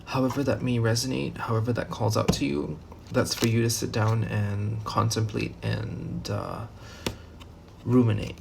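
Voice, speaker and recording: Gravelly, casual man reading tarot cards. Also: mid-range voice, level tone, unhurried, noisy background. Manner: loose, rambling, lots of fillers and restarts, casual swearing. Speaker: tarot reader.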